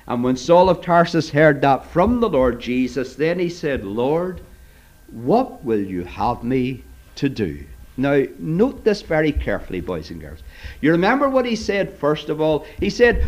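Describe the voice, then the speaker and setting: A man's voice: a little high, a little mellow. A man preaching to children, retelling a Bible story in a storytelling manner and addressing them directly. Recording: dull lo-fi recording.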